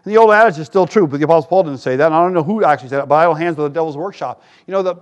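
A man preaching a sermon as pastor, animated, jumping to loud, high quoted voices and dropping into wry asides. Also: very fast, lo-fi sound. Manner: animated, rises to shouts for quoted voices, self-deprecating asides. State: tired.

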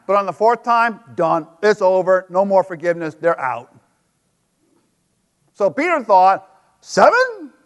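A man preaching a sermon as a pastor, telling a story emphatically and dropping to a hush for effect. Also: high voice. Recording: long hall reverb.

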